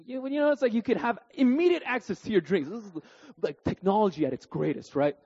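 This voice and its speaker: Animated husky high-voiced preacher man. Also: quick pace, muffled recording. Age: 30s. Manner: animated storytelling, keeps asking "right?". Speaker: pastor. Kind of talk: sermon.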